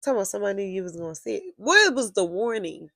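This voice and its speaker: A woman's voice: medium pitch, big pitch swings, racing, sharp tone, dry recording. A young woman telling a storytime vlog in a casual, blunt and profane way, with heated outbursts. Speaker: vlogger.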